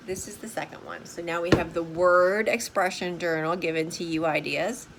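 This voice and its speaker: A woman's voice: on the low side, steady tone, normal speed, few pauses, noisy background. Bubbly older woman chatting about crafts. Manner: bubbly, chatty, lots of "super" and "right?". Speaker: art journaling vlogger. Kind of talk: casual craft tutorial.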